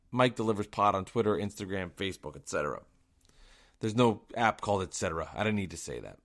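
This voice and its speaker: A podcast host who works as a delivery driver tells a story on his own show in a worked-up monologue. His voice is ordinary and medium-pitched, and he fires off rhetorical questions while swinging between loud outbursts and quiet, muttered asides.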